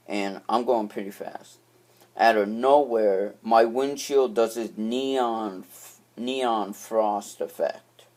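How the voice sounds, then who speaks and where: Low-voiced young man rambling through a story. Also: darkish tone. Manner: rambling, with frequent restarts and swearing. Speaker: vlogger. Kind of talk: casual storytelling.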